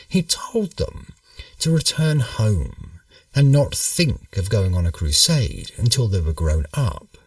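A man reading a history story aloud as a measured, storytelling narrator. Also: mid-range voice, dry recording, distant mic. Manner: slow, measured, lively storytelling.

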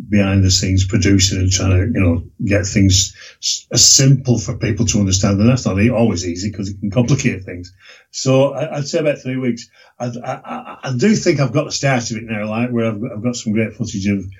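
A man, talking in a rambling, halting way on a casual podcast, with many restarts. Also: fairly low pitch, a little mellow, husky. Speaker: regular guest presenting a documentary series. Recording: dull lo-fi recording.

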